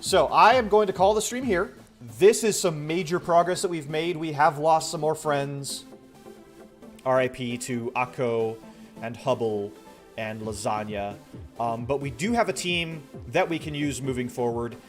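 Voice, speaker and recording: Brief: laid-back male streamer, slightly high voice, rambling chat, a bit of throat strain, faint music behind. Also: a little slow. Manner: relaxed, rambling, talks to chat. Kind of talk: casual gaming stream chat. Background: faint background music.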